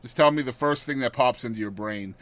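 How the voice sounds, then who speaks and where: A man hosting a casual podcast, upbeat and leading the guest through quick-fire question segments. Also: medium pitch, fairly bright tone, no echo. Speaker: podcast host.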